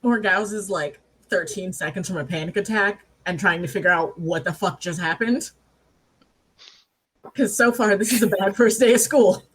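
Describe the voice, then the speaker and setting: A woman's voice: medium pitch, moderate pace, husky. Wry, anxious woman at a game table. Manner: anxious, wry, casually profane. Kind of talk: casual tabletop play.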